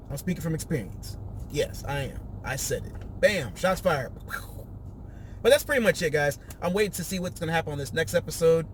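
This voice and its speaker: Animated man recapping a show. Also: on the high side, slight background noise. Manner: animated, acts out quotes in raised voices. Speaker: podcast host reviewing a reality show. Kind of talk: casual recap chat.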